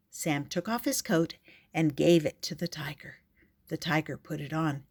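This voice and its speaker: An older woman reading a picture book aloud in a gentle, expressive way. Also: low-pitched, normal speed, breathy edge. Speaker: storyteller.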